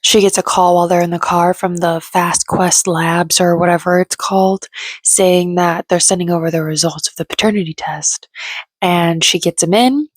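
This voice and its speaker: A woman's voice: on the low side, no echo. A young woman recapping a reality show in casual, gossipy, sarcastic chat. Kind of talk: casual chatty commentary.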